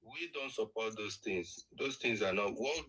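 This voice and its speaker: A Nigerian man calling in to a talk show, pushing again and again to be heard. His voice is husky. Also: lowish voice, animated, moderate pace, fairly bright tone, low-quality recording. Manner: insistent, keeps asking to be heard. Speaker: caller. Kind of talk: call-in chat.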